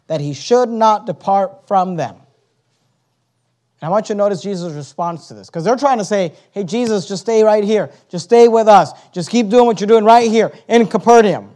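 Male preacher, high tenor, impassioned, swells to emphatic peaks. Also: a little mellow. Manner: reads scripture in King James wording. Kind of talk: sermon.

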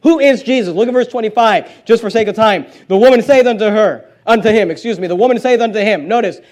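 A man's voice: sits high, fast, darkish tone. A man preaching a sermon, reading scripture aloud with emphatic stresses and plain conversational asides between readings.

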